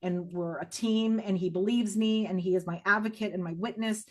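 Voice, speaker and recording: A middle-aged woman speaking as a podcast guest, giving emotional personal testimony in a raw, blunt way, her voice swinging from low and hushed to high and loud. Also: steady tone, normal speed. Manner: blunt, with strong profanity.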